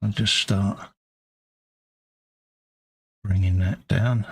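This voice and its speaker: Low-voiced British man chatting while painting. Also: fairly even intonation, very slow, husky, no echo. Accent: British English. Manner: chatty, mumbling asides to himself while working. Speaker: livestream host painting models. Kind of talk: casual chat while painting.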